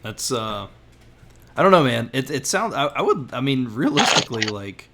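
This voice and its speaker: A man from the United States hosting a podcast, chatting casually in halting, restarting sentences full of "like". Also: mid-range voice, big pitch swings. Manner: halting, restarts with many likes. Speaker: podcast host. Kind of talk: casual chat. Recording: faint background noise.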